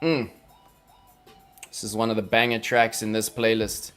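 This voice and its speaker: Faint music plays behind a crypto trading livestream host as he casually teaches chart reading, joking around and chatting with many fillers. His lowish voice is level, unhurried and a bit bright.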